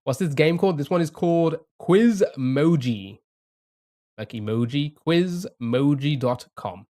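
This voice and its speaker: A man's voice: fairly high pitch, animated, unhurried, warm tone. A young man streaming a game live, thinking aloud, chatting to viewers and laughing often. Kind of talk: casual live-stream commentary.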